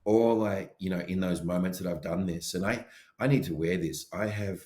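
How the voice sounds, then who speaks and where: A man co-hosting a podcast in casual chat, animated as he acts out his inner voices. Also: low voice, moderate pace, echoey room. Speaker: podcast co-host.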